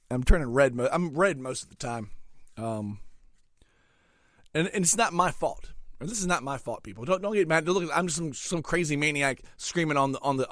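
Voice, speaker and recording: Ranting man, swings to shouts. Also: on the high side, no room sound, studio quality. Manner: angry, swearing, swings from muttering to shouting. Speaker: comedic ranting host. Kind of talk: comedic rant monologue.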